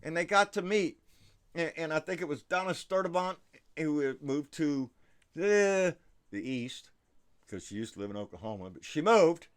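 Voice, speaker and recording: A man hosting a casual livestream, talking excitably with frequent swearing and stumbling restarts. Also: on the high side, moderate pace, clean tone. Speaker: livestream host. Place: South Texas.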